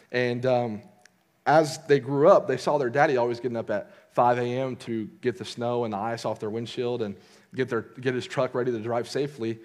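A man's voice: medium pitch, a little mellow. A young man, preaching a casual sermon as he tells a story, with lots of fillers and restarts. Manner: conversational, lots of fillers and restarts, voices characters in quotes. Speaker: youth preacher.

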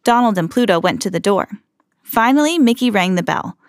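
A woman hosting a read-aloud podcast, reading a children's storybook and slowing down for the suspenseful moments. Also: mid-range voice, animated, no room sound, studio quality. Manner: slows down and swells for dramatic moments.

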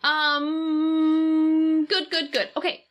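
A woman co-hosting a podcast in casual chat, chatty and animated, swearing freely. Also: sits high, drawn-out words. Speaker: podcast co-host.

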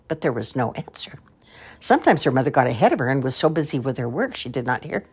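Older woman, storybook reading, lively, expressive, low husky voice. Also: brisk. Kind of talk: reading a children's book aloud.

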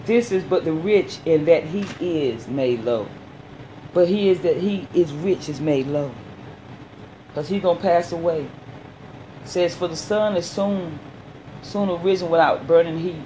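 A man's voice: fairly high pitch, mellow, a little hiss or hum, low-quality recording. Preacher man with a drawl. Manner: reads verses haltingly, then explains in plain folksy talk. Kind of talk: sermon reading and explaining scripture.

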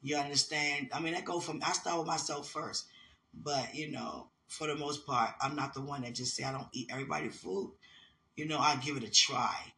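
Man in ministry, casual storyteller, piercingly bright tone, animated and rambling. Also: a little high, normal speed, creaky, a little hiss or hum. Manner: animated and rambling, laughs often, keeps asking "you understand?".

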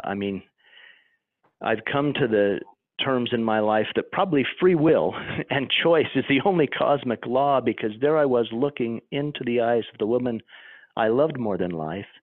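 A man recounting a deeply personal experience as an interview guest, earnest and halting, often restarting his sentences. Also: dry recording. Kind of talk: emotional personal account. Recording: tinny phone line.

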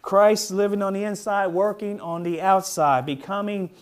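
High-voiced man preaching a fervent sermon. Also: steady tone, normal speed, clear, resonant tone. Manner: fervent call-and-response preaching with hallelujahs; ends in a soft, low closing prayer. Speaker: pastor.

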